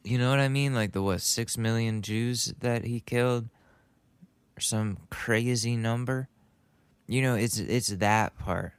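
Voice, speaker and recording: A man's voice: medium pitch, slow, pauses often, clear, resonant tone, no room sound. A young man hosting a podcast, riffing casually and joking about a clip he is playing. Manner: rambling, joking, laughs at own bits. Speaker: podcast host. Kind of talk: casual comedic commentary.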